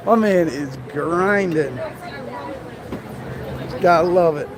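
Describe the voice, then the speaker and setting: A man's voice: sits high, slow, long pauses, crowd noise. A man from Baltimore with a Baltimore accent, chatting casually to viewers on a live stream outdoors at night, laughing often. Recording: noisy street and traffic sound.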